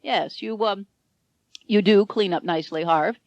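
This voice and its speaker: A woman voicing a stern middle-aged head nurse who is softening. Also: medium pitch, unhurried, no echo, dull audio, lightly acted. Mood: moved.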